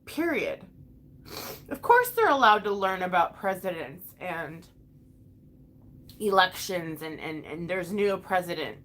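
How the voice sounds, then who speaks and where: A woman's voice: on the low side, big pitch swings, slow pace, long pauses, fairly bright tone. A young woman and mother venting frankly to her live chat, emotional and swearing often as she restarts her sentences. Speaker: vlogger and mother.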